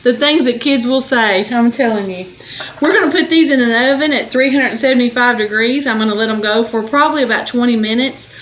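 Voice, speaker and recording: This older woman's voice is fairly high, a little fast and a bit bright as she hosts her home cooking show. She chats casually and homily while cooking in her kitchen, laughing often between stories, captured in a rough, reverberant recording.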